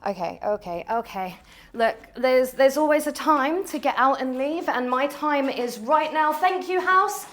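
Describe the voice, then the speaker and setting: A woman vlogging a ghost hunt in an abandoned house, talking to spirits, jumpy and swinging from hushed to loud. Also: high-pitched, animated, unhurried. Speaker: paranormal vlogger. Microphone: small mic on the camera.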